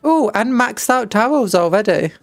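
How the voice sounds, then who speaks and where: A woman's voice: a little high, expressive, normal speed, no echo, soft background music. A British woman streaming a game, reading upgrades aloud and making jokey asides. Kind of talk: casual gameplay chat.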